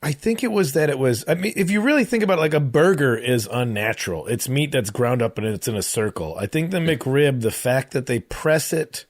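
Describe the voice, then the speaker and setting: A man co-hosting a comedy podcast, talking in a loose, swearing, animated way and acting out quoted voices. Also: mid-range voice, fairly quick, hardly any pauses, no room sound. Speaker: podcast co-host. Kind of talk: casual comedic chat.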